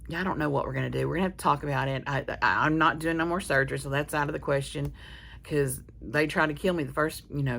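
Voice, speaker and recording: A vlogger talks casually to camera, telling a candid, rambling story full of restarts. Her voice sits low and is gravelly, a bit bright, and slightly rough.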